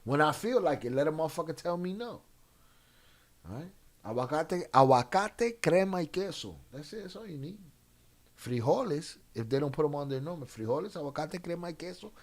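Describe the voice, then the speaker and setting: A man's voice: fairly high pitch, expressive, a little fast. A man streaming and reading chat in a loose, profane way, dropping in Spanish slang. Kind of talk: casual live-stream chat.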